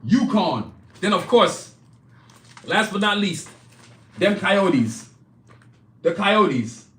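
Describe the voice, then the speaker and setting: High, hyped man selling his art live. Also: very animated, extremely slow, a bit bright, roomy sound. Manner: hyped, repeats phrases, talks straight to viewers. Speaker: artist hosting a live stream. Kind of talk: casual sales pitch on a live stream. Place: indoor studio, clothing hanging behind him.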